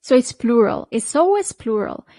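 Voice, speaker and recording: A woman, teaching a beginner language lesson, pronouncing each word slowly and repeating it with brief praise. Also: a little high, sing-song, mellow, dry recording. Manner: slow, clearly repeated pronunciation with short praise.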